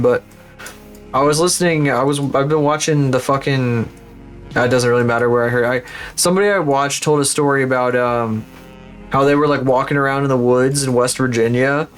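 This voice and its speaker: A man chatting casually on a livestream, rambling, swearing freely and laughing at his own stories. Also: medium pitch.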